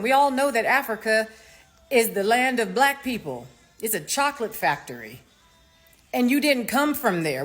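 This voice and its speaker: Speaking in a fairly high pitch, a woman from the US offers her casual opinions as a commentator, lively and mocking, with slangy side remarks.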